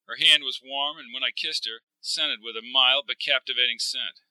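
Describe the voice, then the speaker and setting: A man narrating a first-person story in a measured, even storytelling voice. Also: medium pitch, no room sound, poor audio.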